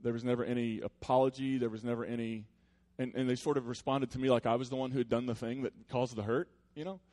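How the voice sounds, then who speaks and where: A male pastor delivers a sermon in an earnest, conversational voice of middle pitch. He talks like he is chatting with friends, then settles into quieter, reflective stretches. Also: fairly even intonation, fast.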